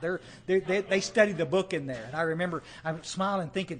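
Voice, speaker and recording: A man telling his recovery story to a live meeting in a folksy, animated way, often checking in with the audience. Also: a little high, fast talker, hardly any pauses, slight background noise.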